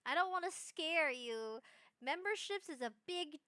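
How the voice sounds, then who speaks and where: Young woman streamer, squeaky high voice, chatty and rambly, super dry sound. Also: measured pace, dry recording. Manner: bubbly, rambling, bursts of excited squealing. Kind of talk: casual live-stream chat.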